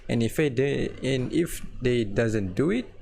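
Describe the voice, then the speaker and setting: A man chatting on a podcast with a gravelly, fry-heavy voice. He stutters and restarts his sentences constantly and laughs often. A faint hiss sits under the recording. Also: mid-range voice, animated, slow, darkish tone. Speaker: podcast co-host. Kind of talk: casual chat.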